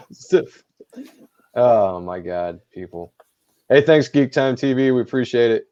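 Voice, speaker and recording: A man's voice: mid-range voice, animated, unhurried, a little mellow, no echo, dull audio. A man co-hosting a podcast in casual chat, talking bluntly and swearing freely. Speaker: podcast co-host.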